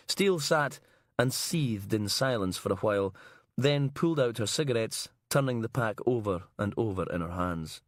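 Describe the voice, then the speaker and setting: Brief: male audiobook narrator, measured crime-novel reading, lowish voice, dead-dry close recording. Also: animated, no echo.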